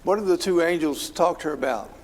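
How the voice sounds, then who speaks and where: A man's voice: fairly high pitch, fairly quick, a little mellow, big-room sound, low-quality recording. A man leading an informal Bible study in a church, talking conversationally and asking his class questions. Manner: conversational, asks the class questions, many fillers. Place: church hall.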